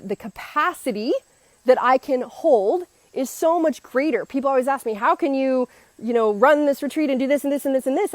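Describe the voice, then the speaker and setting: A woman spiritual mentor talking in a casual vlog, telling stories in a lively way with many restarts and fillers while out on a walk. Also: on the high side, no room sound. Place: outdoors on a walk.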